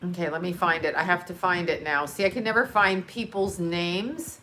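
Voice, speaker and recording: Middle-aged female livestream host, bright edge to the voice, excitable and rambling, casual chat into a desk mic. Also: lowish voice, normal speed, a little hiss or hum. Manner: rambling, excitable storytelling with fillers. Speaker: channel host.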